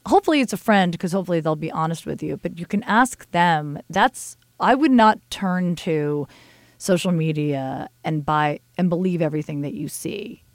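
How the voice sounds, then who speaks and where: A woman's voice: lowish voice, normal speed, no echo. Candid, swearing woman host in casual chat. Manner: candid, animated storyteller who swears freely. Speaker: podcast host.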